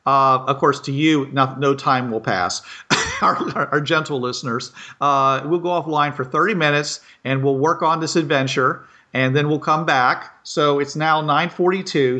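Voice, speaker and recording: Chuckling bright-voiced male host. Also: on the high side, unhurried. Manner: chuckling, asks clarifying questions. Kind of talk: casual chat.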